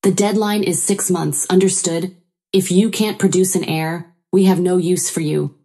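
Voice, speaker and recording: A smug, dismissive young husband talks down to his wife in a lecturing tone, as a woman narrator reads his lines. The voice sits fairly low. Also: fairly even intonation, normal speed, mellow, close to an everyday voice. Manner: lecturing, condescending.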